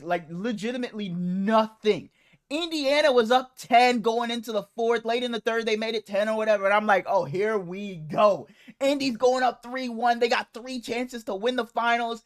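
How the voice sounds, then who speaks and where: A young man co-hosting a casual podcast, talking sports with excited swearing and laughter. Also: very high-pitched. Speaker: podcast co-host. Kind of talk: casual chat.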